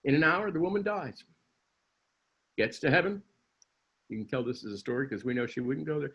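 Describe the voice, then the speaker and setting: A man's voice: medium pitch, lively intonation, a little fast, long pauses, fairly bright tone, breathy edge. A man delivering a sermon as a minister, telling a story with dry humor.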